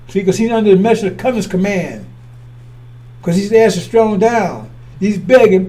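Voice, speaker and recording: A man's voice: sits high, fast, warm tone. A man preaching in a blunt, scornful way, often repeating and restarting his words. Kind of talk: fiery preaching.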